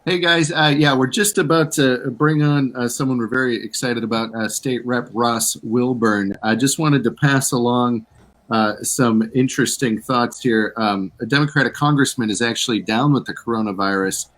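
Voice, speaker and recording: Guy cohosting an online show, relaxed newsy chat with uhs, normal mid voice. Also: medium pitch, moderate pace, rough recording. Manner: relaxed, chatty with fillers. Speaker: co-host. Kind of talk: casual news rundown. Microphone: video call.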